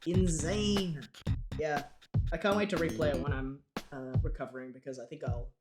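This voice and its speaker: Streamer reading a game aloud, chatty and giggly, loud game music behind. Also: mid-range voice, expressive, fast talker.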